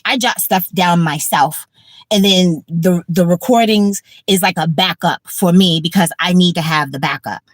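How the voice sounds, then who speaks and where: A woman's voice: fairly low pitch, normal speed, dry recording. A woman in her fifties, tired and blunt, talking casually on a livestream with profanity and repetition. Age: 50s. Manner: blunt, profane, repeats herself. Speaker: livestream host.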